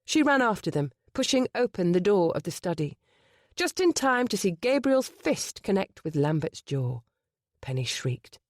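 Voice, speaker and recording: Expressive audiobook narrator, lively pitch. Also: male voice, normal speed, no room sound, studio quality. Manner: expressive storytelling. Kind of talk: scripted narration.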